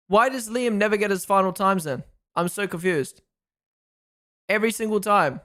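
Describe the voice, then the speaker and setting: Here a man with a high voice and a moderate pace is hosting a live watchalong of a race. He responds eagerly to the action, talks casually with his audience, reads their chat, and thanks followers.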